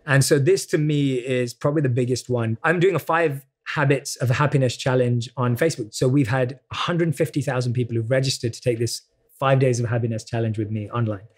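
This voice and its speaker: A man's voice: medium pitch, fairly even intonation, fairly quick. A man with a British accent, a guest in an interview, earnestly explaining self-help ideas in a coaching tone. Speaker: podcast guest. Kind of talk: motivational interview talk.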